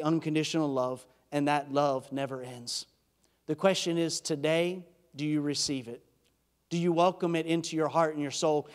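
Earnest pastor preaching in a reverberant hall. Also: male voice, a little high. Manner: earnest, emphatic preaching with sudden loud peaks and hushed drops. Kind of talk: sermon. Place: church sanctuary.

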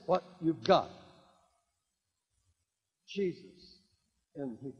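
An older man preaching a sermon, swinging between quiet asides and loud emphatic declarations and repeating key lines. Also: high voice, big pitch swings, a little slow, husky. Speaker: evangelist. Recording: dull lo-fi recording in a reverberant hall.

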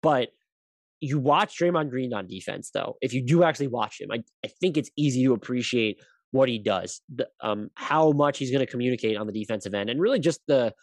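A man's voice: mid-range voice, animated, a little fast, dry recording. A man hosting a basketball podcast, talking casually in a rambling way, often correcting himself, stammering through details and swearing now and then.

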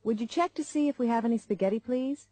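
A woman's voice: on the high side, fast talker, dark tone, no echo, lightly acted. A woman playing a patient family mom. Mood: calm. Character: patient organized family mother. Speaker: mother in a textbook dialogue. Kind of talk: scripted textbook dialogue.

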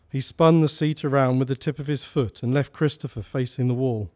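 A man reads a short story aloud at a live salon. His narration is steady and measured, at an ordinary middle pitch. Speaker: author reading a story.

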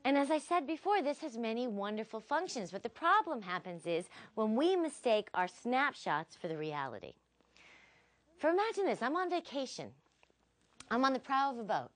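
A woman philosophy instructor giving a recorded lecture, telling stories expressively. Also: on the high side. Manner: expressive, animated storyteller.

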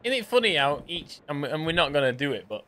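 Lively, bright-voiced gaming man. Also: a little high, quick pace, a little hiss or hum. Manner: jokey, rambling, swears and mutters to himself. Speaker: gaming channel host. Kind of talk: live gameplay commentary.

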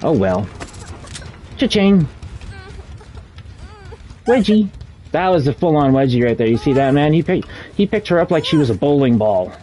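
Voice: mid-range voice, big pitch swings, fast, hardly any pauses, dark tone, slight background noise. A streamer giving live gameplay commentary while playing the killer, teasing the other players. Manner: playful, teasing the players being hunted.

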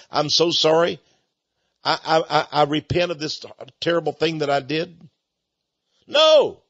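Folksy preacher guy, husky voice swinging way up and down, dull dry recording. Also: high-pitched, no room sound. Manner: folksy, animated, chuckling storyteller. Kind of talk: sermon.

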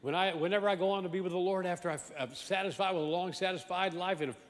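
Man preaching, raised pitch, lively bursts, long hall reverb. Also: fast. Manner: emphatic, swings from loud exclamations to low asides; animated, repeats words and restarts. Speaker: pastor. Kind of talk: sermon. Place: large church sanctuary.

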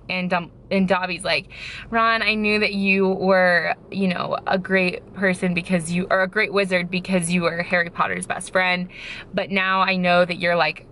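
A young woman in her twenties vlogging about a book she loved, gushing and excitable, with lots of "like". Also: lowish voice, slight background noise. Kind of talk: casual chat.

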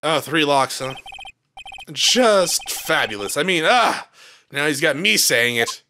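A man voicing a wry, deadpan young male defense lawyer in a low muttering voice. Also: slow, slight background noise, heavily acted.

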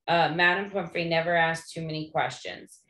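A woman's voice: sits low, steady tone, normal speed, fairly bright tone. A woman reading aloud as an eager, loyal young schoolboy in a storybook. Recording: echoey room.

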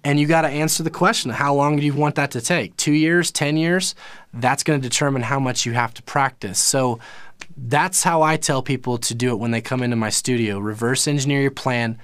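A male music teacher talks through a live online lesson in a loose, conversational way, with frequent "um"s and self-corrections. His voice sits in a middle pitch and is recorded with a dry, close sound. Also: steady tone, brisk, a bit bright, clear, resonant tone, dry recording. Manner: casual, explanatory, lots of fillers and self-corrections.

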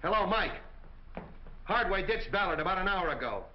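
An actor playing a brusque, hard-boiled police captain who barks orders. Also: male voice, high voice, animated, moderate pace. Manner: gruff, barking orders. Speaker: police detective. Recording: muffled 1940 film soundtrack with hiss.

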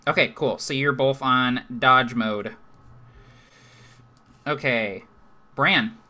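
A man running a live online tabletop game as game master, laughing easily and explaining rules in a relaxed way. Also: mid-range voice, slow pace.

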